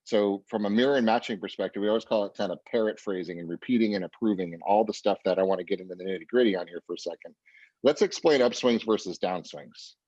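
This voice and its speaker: A man's voice: on the low side, fast, darkish tone, no room sound, highs cut off. A man leading a sales training session for real estate agents, talking emphatically and motivationally. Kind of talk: coaching talk.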